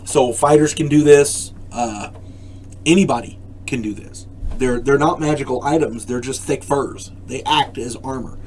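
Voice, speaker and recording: An older man hosting his own channel, explaining a game rule to camera in a casual, halting way, often repeating words and adding wry asides. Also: mid-range voice, darkish tone, slight background noise. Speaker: channel host.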